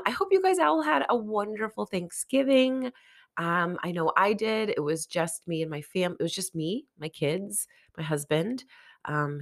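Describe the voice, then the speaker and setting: Sniffly nasal woman, low voice. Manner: candid, encouraging self-help talk. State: under the weather, sniffly. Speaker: podcast host. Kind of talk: casual solo podcast monologue.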